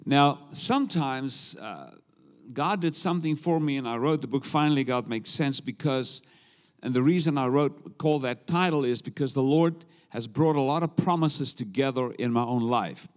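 A South African man preaches as a guest speaker in a mid-range voice, and the hall rings with long reverb around him. He begins unhurried and humorous before he moves into the message. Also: medium pitch. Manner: warm-up banter, humorous, unhurried. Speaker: visiting preacher. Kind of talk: sermon.

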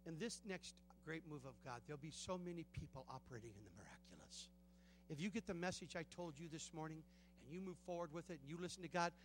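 A man with a Southern US accent preaching a sermon in a church, telling personal stories, swinging from hushed tones to loud bursts and laughing often. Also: on the high side. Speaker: guest preaching pastor. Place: church sanctuary.

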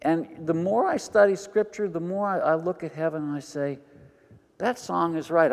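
An older man preaching a sermon as pastor, animated, moving between quiet asides and loud emphatic lines. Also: on the high side, moderate pace, gravelly. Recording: long hall reverb.

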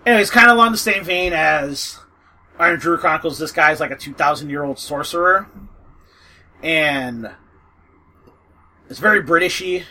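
A man with a bright, slightly high voice rambles through a casual chat about books. He piles on fillers, swears freely and breaks into laughter. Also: normal speed, pauses often, low-quality recording. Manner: rambling, lots of fillers and profanity, laughs often. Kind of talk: casual book recommendation chat.

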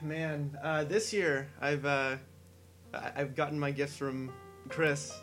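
Male co-host, somewhat high voice, dry one-liners, faint music behind. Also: steady tone, slow, fairly bright tone. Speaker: podcast co-host. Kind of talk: casual chat.

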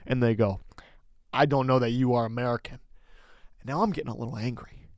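A man co-hosting a podcast, telling a story in a casual, animated way with lots of filler words. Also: medium pitch, brisk, dry recording, studio quality. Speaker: podcast co-host.

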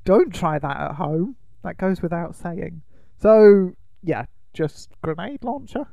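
Man co-host, meandering casual recap, gravelly and fairly high, dry close mic. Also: animated, slow, warm tone, dry recording. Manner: rambling, with many ums and uhs. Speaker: podcast co-host. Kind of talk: casual chat recapping a film.

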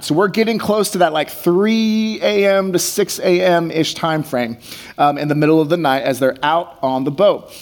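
Man preaching in a casual, higher voice. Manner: reads scripture aloud, then explains it casually. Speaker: pastor. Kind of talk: conversational sermon.

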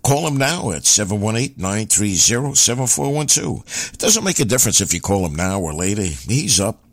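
A man's voice: fairly low pitch, sing-song, fairly quick, a bit bright, no room sound. A man hosting a radio show, chatting in a rambling, jokey way. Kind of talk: casual radio chat.

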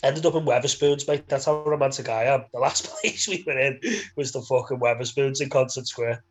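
A young man with a Liverpool accent, chatting casually as a podcast co-host. His talk is loose and laddish, full of swearing and laughter, at an ordinary male pitch. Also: fairly even intonation, a little fast, low-quality recording. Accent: Liverpool English. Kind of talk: casual banter.

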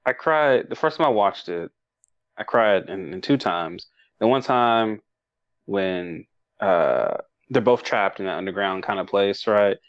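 A man's voice: fairly low pitch, a little slow, smooth, dry recording. A man co-hosting a casual movie review chat, rambling and emotional, laughing often and restarting his sentences. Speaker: podcast co-host. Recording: dull dry lo-fi sound.

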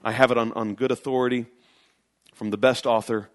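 A man's voice: mid-range voice, flat delivery, brisk. A man preaching a sermon as pastor, earnest and emphatic, often repeating phrases for stress.

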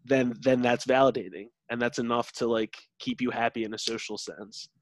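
A man's voice: mid-range voice, fairly even intonation, moderate pace, no echo. A young man rambling earnestly in casual chat, packing his talk with filler words. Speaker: podcast co-host.

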